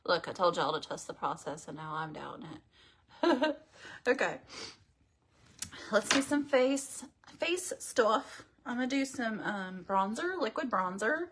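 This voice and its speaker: A woman's voice: mid-range voice, sing-song, a little slow, fairly bright tone, breathy edge. A woman hosting a casual makeup tutorial livestream, chatting and rambling to her viewers as she works. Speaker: beauty livestream host.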